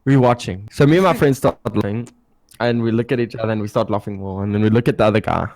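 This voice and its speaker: A young man co-hosting a podcast, telling stories in a casual, animated way and swearing freely. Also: on the low side, fast talker, no room sound. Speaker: podcast co-host. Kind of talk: casual storytelling.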